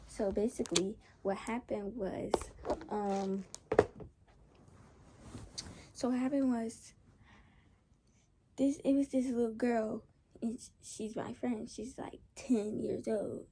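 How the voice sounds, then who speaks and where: A woman's voice: a little high, takes it slowly, long pauses, husky. A young woman casually telling a storytime, rambling along with slang and lots of restarts. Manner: rambling, animated retelling with slang.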